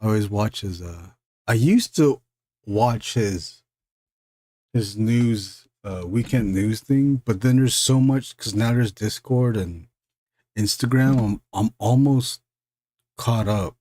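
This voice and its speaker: A man hosts a live stream in an easygoing, rambling way, often trailing off into fillers and breaking into laughter. His voice sits low and mellow. The sound is dry and close. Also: slow pace, no echo. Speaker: live stream host and illustrator. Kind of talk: casual live stream chat.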